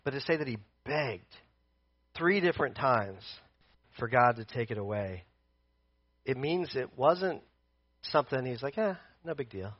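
A man's voice: mid-range voice, unhurried, pauses often, husky, no echo, highs cut off. A man preaching a sermon in a casual, conversational way, pacing as he talks. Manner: conversational, animated, paces while preaching.

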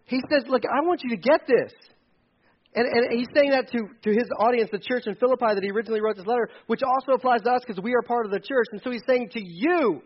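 A man preaching a sermon as pastor, animated, joking with the congregation and repeating key words for emphasis. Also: high voice, fast talker, highs cut off.

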